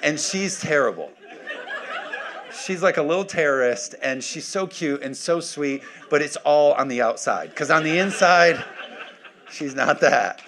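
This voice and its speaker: A man in his thirties preaching a sermon as pastor, energetic and full of joking asides. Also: fairly high pitch, measured pace.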